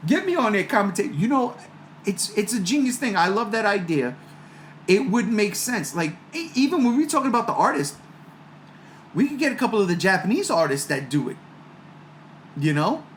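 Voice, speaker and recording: A man hosting a casual fan chat, excitable and laughing as he talks. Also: high voice, moderate pace, pauses often, a little hiss or hum. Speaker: podcast host.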